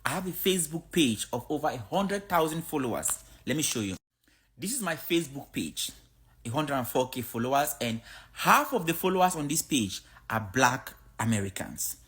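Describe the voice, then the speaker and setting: Casting: outspoken African-born woman creator, lively pitch, speaks bluntly to camera. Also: moderate pace. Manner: blunt, outspoken, animated storytelling. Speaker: social media creator. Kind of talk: casual opinion monologue to camera.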